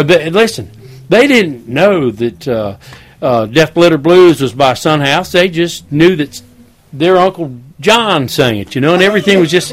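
A man, a regular at a juke joint, telling anecdotes in an interview and acting out quotes. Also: on the high side. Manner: animated storyteller acting out quotes.

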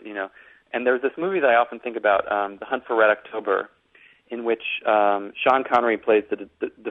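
A man from Boston, an author and guest, talking thoughtfully with many restarts over a tinny phone line. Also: fairly low pitch. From Boston, United States. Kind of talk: casual interview conversation.

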